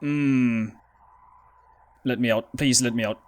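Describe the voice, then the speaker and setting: Scared man slowly playing horror game. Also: mid-range voice, steady tone, a little hiss or hum. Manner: frightened, pleading, talks to the game. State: scared, shaky. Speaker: gaming YouTuber. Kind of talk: horror game let's play commentary.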